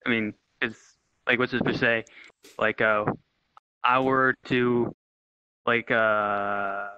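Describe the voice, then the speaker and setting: A man's voice: mid-range voice, steady tone, slow pace, background noise. A man in a casual panel discussion, hesitant and full of fillers, recorded on a dull lo-fi mic.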